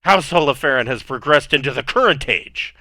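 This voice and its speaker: A man's voice: medium pitch, expressive, fairly quick, pushed and bright, no room sound. A man voicing a drunk, jovial and decadent male noble host in a tabletop game, talking in a tipsy, flamboyant way. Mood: merry, tipsy.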